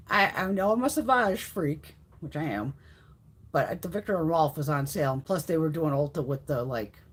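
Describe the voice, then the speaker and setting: A woman's voice: extremely low pitch, breathy edge. A woman hosting a casual live-stream chat, brash and profane, telling stories with frequent laughs. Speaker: livestream host.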